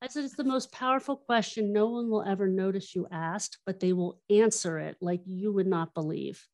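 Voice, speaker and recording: A woman guest, a workshop trainer, explaining her methods and telling stories, acting out quoted lines in an animated way. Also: mid-range voice, normal speed. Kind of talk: explanatory interview talk.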